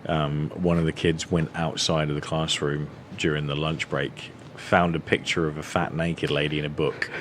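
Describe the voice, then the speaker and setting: A man's voice: a bass voice, flat delivery, moderate pace, a bit bright, slight background noise. A British man telling stories in a casual podcast chat, blunt and sweary. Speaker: podcast guest.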